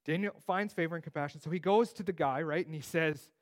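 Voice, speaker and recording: Bible teacher, male, slightly higher pitch, casual delivery with quips. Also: fast talker. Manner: conversational, with joking asides.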